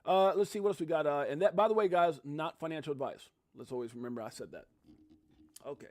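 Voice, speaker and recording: A man hosting a casual livestream, talking straight to his chat in a lively way with some mild swearing. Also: a little high, fast talker. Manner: animated, talks straight to chat, swears mildly. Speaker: livestream host. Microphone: desktop microphone.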